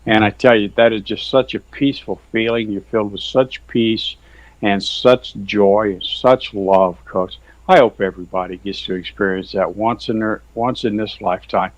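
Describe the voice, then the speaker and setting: A man's voice: fairly low pitch, fairly even intonation, normal speed, dry recording. A man speaks over a video call as a guest author, earnest and folksy. He rambles through his story, sprinkling in "you know" and "yes, sir". The audio is dry and a bit lo-fi, as over a weak internet link. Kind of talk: earnest testimony in casual chat.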